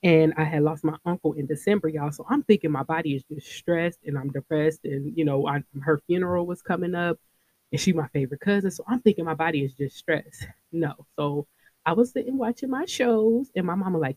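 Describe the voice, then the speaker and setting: A woman in her thirties hosting a podcast, telling a personal story in a casual, animated way and talking straight to her listeners. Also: sits low, brisk, no room sound. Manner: animated, talks straight to listeners, laughs often. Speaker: podcast host.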